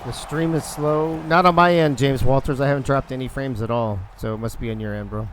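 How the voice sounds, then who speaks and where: Male stream host, mid pitch, chatty and joking, loose live talk. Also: steady tone, a little fast, a little hiss or hum. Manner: chatty, joking, thinks aloud. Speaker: league organizer and stream host. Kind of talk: casual live-stream chat over a video game.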